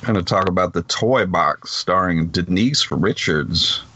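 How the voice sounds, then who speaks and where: A man's voice: deep voice, a little slow, sharp tone, slightly rough, no echo. A man hosting a podcast, reading film news in short bursts and chatting casually. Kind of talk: casual chat.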